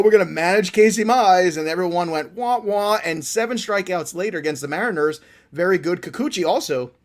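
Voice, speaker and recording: Playful male podcast host. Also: fairly high pitch. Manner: playful, teasing, upbeat. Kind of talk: casual fantasy baseball talk.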